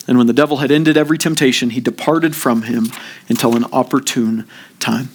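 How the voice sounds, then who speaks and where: A man preaching a sermon as pastor, earnest and steady, often repeating the first word as he starts a sentence. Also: mid-range voice, fast talker. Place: church.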